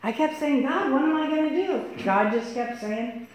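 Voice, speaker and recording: A woman telling a personal story to an audience, acting out the quoted lines with shifts in pitch and pace. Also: expressive, moderate pace, very echoey, slight background noise, rough recording. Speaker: speaker telling personal stories.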